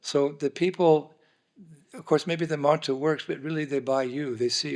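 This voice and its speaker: A man as guest speaker at a dinner, telling an anecdote in a lively way and acting out the dialogue. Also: a little high, normal speed. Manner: lively storyteller, acts out dialogue. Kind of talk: anecdotal storytelling talk. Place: dinner hall, indoors.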